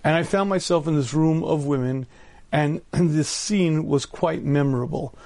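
A man in his fifties, a rabbi giving a storytelling Torah lecture, often clearing his throat and using humor. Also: a little high, a little slow, darkish tone. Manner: humorous, acts out voices in anecdotes.

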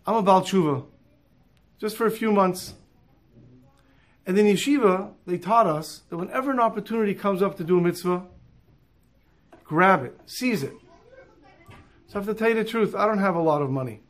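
A man's voice: high voice, moderate pace, long pauses, natural voice. A man voicing a humble, poor passenger earnestly explaining a kind deed. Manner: earnest, modest. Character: humble, poor religious man, newly observant.

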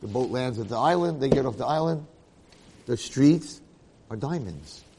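Animated male storyteller lecturing. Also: mid-range voice, normal speed, slightly rough, in a large hall. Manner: animated storyteller, acts out the characters' lines. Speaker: Torah lecturer.

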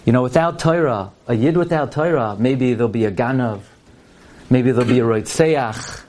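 A man's voice: medium pitch, normal speed, a little mellow. Emphatic man telling sermon stories. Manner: emphatic storyteller, mixes in Hebrew and Yiddish terms. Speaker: speaker at a fundraising parlor meeting. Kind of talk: sermon-style talk with stories.

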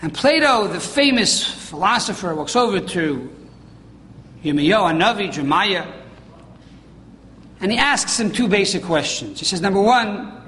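High-voiced man preaching in an echoing hall. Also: very animated, unhurried, pauses often, pushed and bright, slight background noise. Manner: emphatic, rising on quoted questions. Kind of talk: sermon storytelling. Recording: hall reverb, faint ambience.

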